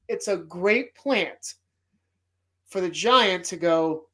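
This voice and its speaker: A man hosting a casual movie podcast, retelling film scenes with animated, profane, emotional enthusiasm. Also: sits high, takes it slowly. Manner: emotional, choked up at times. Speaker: podcast host.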